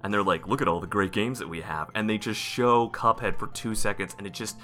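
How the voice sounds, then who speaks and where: A man co-hosting a podcast in casual chat, excitable and rambling, restarting his sentences often. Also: lowish voice, a little fast, faint music behind. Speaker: podcast co-host.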